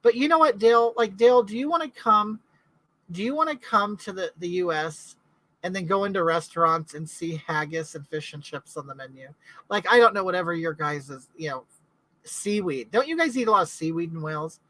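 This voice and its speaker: Middle-aged woman hosting a live chat, rambling and chatty, crisp bright tone, dry close sound. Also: on the low side, lively intonation, a little fast, dry recording, rough recording. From California. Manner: rambling, reads out viewer comments and answers them. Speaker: livestream host.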